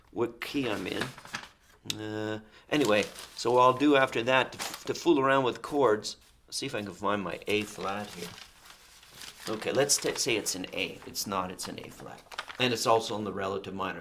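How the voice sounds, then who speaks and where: A man with a fairly low, slightly bright voice rambles casually through his songwriting process, with slight background noise. He keeps interrupting himself mid-thought and musing aloud.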